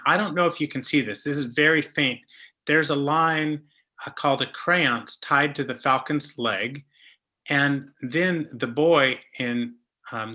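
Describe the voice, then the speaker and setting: A man's voice: medium pitch, bright, forceful tone. A man giving a casual, jokey talk about falconry with slides, telling small stories as he goes. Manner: chatty, jokey, storytelling.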